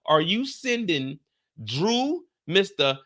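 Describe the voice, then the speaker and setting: This man's voice sits high and moves slowly as he recounts a TV episode on a laid-back live stream. He tells it with animation, voicing the characters' lines full of slang and swearing.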